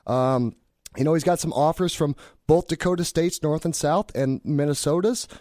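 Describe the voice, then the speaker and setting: A man's voice: on the high side, normal speed, darkish tone, no room sound, studio quality. A man hosting a sports podcast, chatting in an easygoing, joking way. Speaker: podcast host. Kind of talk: casual podcast chat.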